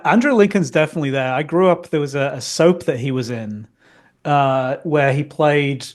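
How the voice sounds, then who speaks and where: A man from Northern England whose accent has drifted toward American, chatting as a guest on a podcast in a relaxed, self-deprecating way. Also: a little high, normal speed. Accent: Northern English softened toward American. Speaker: guest, company founder. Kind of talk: casual podcast interview.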